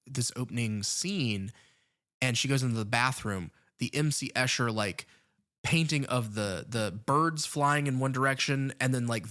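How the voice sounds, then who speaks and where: A man's voice: medium pitch, a bit bright. An American man co-hosting a podcast, discussing a film in a thoughtful, hedging way with many ums. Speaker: podcast co-host.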